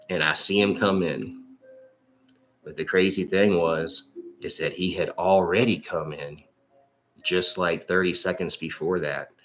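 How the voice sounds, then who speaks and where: Low-voiced rambling man, casual storyteller. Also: a bit bright, a little hiss or hum. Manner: rambling, heavy swearing, many fillers. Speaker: psychic livestream host. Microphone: livestream microphone.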